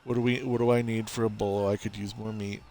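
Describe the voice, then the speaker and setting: A man's voice: lowish voice, level tone, fast, vocal fry, darkish tone, slight background noise. A man rambling through gameplay commentary in a mock-earnest, confessional way, cracking self-mocking jokes. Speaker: gameplay streamer. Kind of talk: rambling let's-play commentary.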